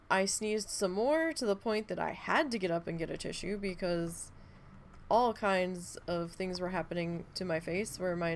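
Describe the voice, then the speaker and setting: Gravelly-voiced woman streamer, rambling and chatty. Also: fairly low pitch, a little hiss or hum. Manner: chatty, swears freely, rambling storyteller. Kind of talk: casual live-stream chat while playing.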